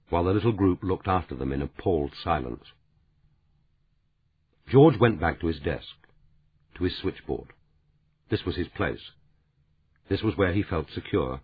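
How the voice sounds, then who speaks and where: A man narrating an audiobook in a measured, expressive reading. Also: sits low, husky, lo-fi sound. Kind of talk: scripted narration.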